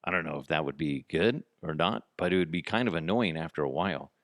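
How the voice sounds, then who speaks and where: A man's voice: rumbling low, expressive, fast talker, no room sound, clean studio sound. A man hosting a comedy podcast, rambling through a casual monologue with frequent asides and free swearing. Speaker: podcast host.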